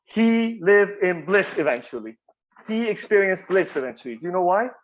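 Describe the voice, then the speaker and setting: A man with a fairly high voice shares his recovery story as heartfelt testimony. He talks earnestly, circles back over his own phrases, and keeps checking in with "you know?" The recording sounds muffled and lo-fi. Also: lively intonation, moderate pace. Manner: earnest, repetitive, frequent "you know?" and "right?". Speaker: workshop speaker sharing recovery story.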